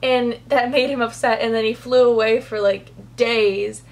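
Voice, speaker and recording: A woman reviewing a book in a casual vlog, gushing and excitable, with plenty of "like" fillers. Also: on the high side, moderate pace. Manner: gushing, excitable, says "like" a lot.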